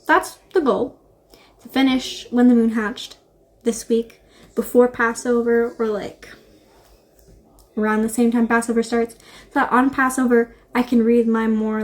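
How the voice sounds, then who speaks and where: A woman's voice: a little high, darkish tone. A young woman vlogging about books in a casual, gushing, rambling way, with lots of "like" and "honestly". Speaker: book vlogger. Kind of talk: casual chat to camera.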